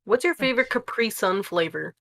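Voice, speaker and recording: A woman's voice: medium pitch, lively intonation, a little fast, vocal fry, a bit bright, no echo. A young woman in a casual podcast chat, teasing and playful.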